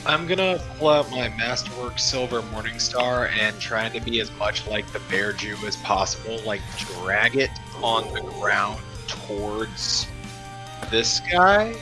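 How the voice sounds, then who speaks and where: A man's voice: fairly low pitch, animated, a little slow, over music, poor audio. A man playing a tabletop game, matter-of-fact as he declares attacks and reads out rolls. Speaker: player. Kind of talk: casual tabletop game play.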